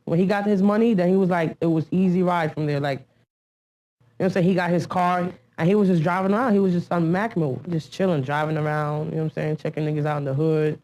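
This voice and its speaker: A woman's voice: on the low side, fairly even intonation, quick pace, dark tone. Blunt New woman with street slang. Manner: blunt street slang, frequent "you know what I'm saying". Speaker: interviewee recounting her past. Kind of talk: documentary interview recollection.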